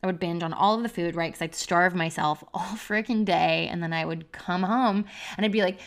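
With a fairly low pitch and a steady tone, a young adult woman talks on a podcast fairly quickly, hardly pausing at all. She's confessing a personal story candidly, filling her speech with "like" constantly.

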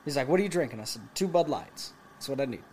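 A man in his late twenties telling a profane story to friends, animated and laughing as he goes. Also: medium pitch, fast, slight background noise. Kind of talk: casual storytelling among friends.

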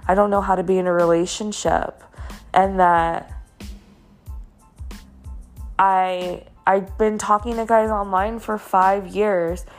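A young woman hosting a podcast, telling a candid personal story in a rambling way with many fillers. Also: mid-range voice. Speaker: podcast host.

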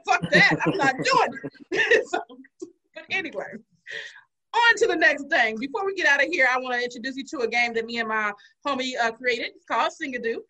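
A woman hosting a casual podcast chat, telling stories with loud swearing and laughter. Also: high voice, animated, normal speed, low-quality recording. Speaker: podcast host.

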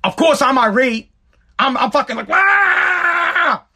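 A man's voice: extremely high pitch, normal speed, pushed and bright, shouting. A middle-aged man telling a personal story in a rambling, emphatic way, full of swearing. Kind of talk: casual storytelling monologue.

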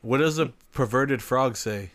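A man's voice: mid-range voice, a little slow, heavy background noise. A man on a podcast telling crude jokes in casual chat and laughing a lot, with friends' chatter behind him. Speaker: podcast co-host.

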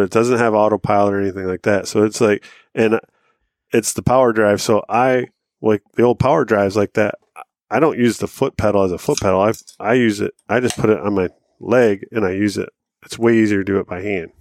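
A man's voice: fairly low pitch, fairly even intonation, brisk, darkish tone, dry recording, studio quality. A man in his thirties, a podcast co-host telling a rambling, profane hunting-and-fishing story with laughs along the way. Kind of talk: casual storytelling.

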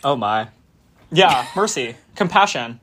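A woman co-hosting a podcast in casual chat, animated and jokey, laughing often. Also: a bass voice, a little slow, a little hiss or hum. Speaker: podcast co-host.

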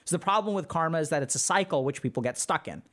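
Man, higher-pitched, casual livestream host, explaining loosely, lots of filler words. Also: animated, fast, a bit bright. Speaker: podcast host answering chat.

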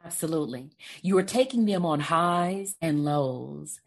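A woman hosting a podcast interview. She speaks in measured, rhythmic phrases and affirms what her guest says. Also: low voice, animated. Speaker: podcast host.

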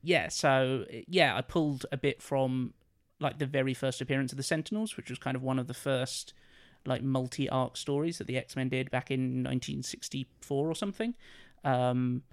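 A man co-hosting a podcast, explaining his film pitch in a rambling, hesitant way full of fillers. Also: steady tone, moderate pace, hardly any pauses. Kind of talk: casual chat.

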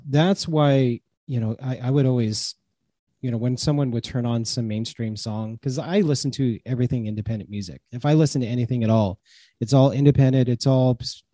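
A podcast guest with a very dark, mellow tone explains his views in an earnest, halting way. He speaks at a middle pitch for a man. The recording is close and dry. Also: no echo. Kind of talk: casual conversation.

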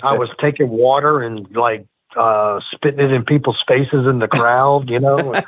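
Husky-voiced man telling heated stories over a phone-like line. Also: mid-range voice, fairly even intonation, normal speed, no echo. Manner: profane, heated, acts out quoted arguments. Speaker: wrestling podcast guest. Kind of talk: casual storytelling interview.

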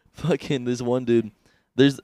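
A man's voice: medium pitch, fairly even intonation, takes it slowly, dark tone, no room sound. A young man co-hosting a comedy podcast, rambling crudely with restarts and laughs, hungover. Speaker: podcast co-host. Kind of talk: casual comedy podcast chat.

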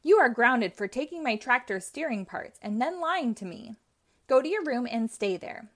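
A woman's voice: a little high, lively intonation, normal speed. A woman reading the part of a kind older uncle who invents things, fatherly and firm when he must be. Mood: stern.

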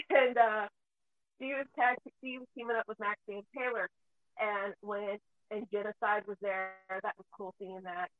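A woman with a mid-range, steady voice speaks a bit slowly on a dry, tinny, phone-like recording. As host of a casual chat, this mother tells stories without restraint and swears a great deal.

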